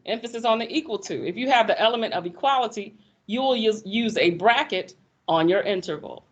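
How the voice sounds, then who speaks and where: A woman teaching math in a classroom, lively and folksy, teasing her students as she explains. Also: mid-range voice, brisk, lo-fi sound. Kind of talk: classroom lecture.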